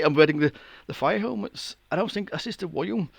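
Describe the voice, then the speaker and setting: A man's voice: fairly high pitch, quick pace, gravelly, no echo. A man co-hosting a podcast in casual chat, telling a story with lots of swearing and laughter. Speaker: podcast co-host.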